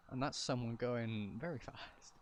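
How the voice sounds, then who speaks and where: A man's voice: medium pitch, slight background noise. A man casually commenting while streaming a game, chatty and joking as he talks to his chat.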